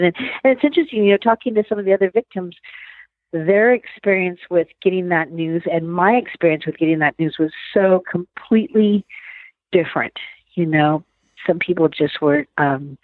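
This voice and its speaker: A woman being interviewed, talking in an excited, animated way. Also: lowish voice, moderate pace, dry recording. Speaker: interview guest. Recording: tinny phone line.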